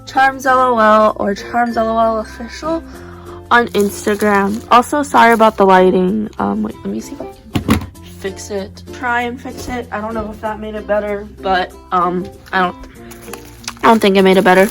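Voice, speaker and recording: A young woman chatting casually as she unboxes squishy toys, gushing and gasping with excitement. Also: mid-range voice, normal speed, creaky, music in the background. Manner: excitable, gushing, breathless gasps.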